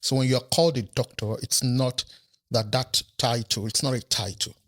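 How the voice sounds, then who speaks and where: A male professor from Nigeria speaks as a podcast guest in a studio. His mid-pitched voice stays measured as he explains his points, often pausing to check in with the host. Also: fairly even intonation, fairly bright tone. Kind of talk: conversational interview.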